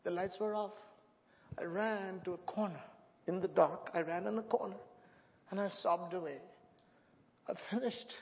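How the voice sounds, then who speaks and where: A guest preacher gives a sermon in a church sanctuary, moving from emotional storytelling up to loud proclamations. His voice sits high with lively intonation, vocal fry, and a normal pace. It's picked up by a handheld or stand mic, and the sound is dull with long hall reverb.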